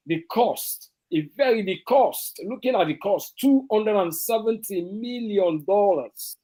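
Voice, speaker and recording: Party commentator: a slightly high-voiced man with a Sierra Leonean Krio accent, emphatic and repetitive. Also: a little mellow. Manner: emphatic, repetitive, restarts phrases. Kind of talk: online political talk show discussion.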